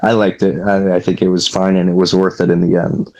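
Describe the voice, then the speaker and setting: An easygoing man with a low voice, a guest on a podcast. He chats casually, repeats himself and chuckles along. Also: flat delivery, fairly quick, darkish tone, poor audio. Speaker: guest, independent wrestler. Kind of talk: casual chat.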